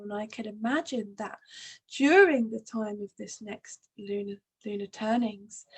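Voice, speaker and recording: Soft-spoken woman with a husky voice. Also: on the high side, rough recording. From Northern Hemisphere. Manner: soft, flowing, with frequent "you know" and laughs. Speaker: astrology channel host. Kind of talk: spiritual monologue to camera.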